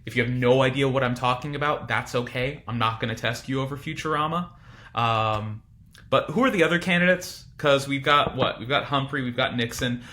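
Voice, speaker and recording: Male teacher, bright voice, chatty informal lecture, screen-recorded. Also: mid-range voice, fairly quick. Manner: chatty, informal, many fillers and asides. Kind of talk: casual classroom lecture.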